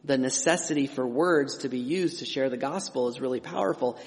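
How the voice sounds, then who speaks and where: A middle-aged pastor preaches a sermon in a conversational, emphatic style, with frequent restarts and asides. His mid-range voice is brisk, and the recording has a long hall reverb.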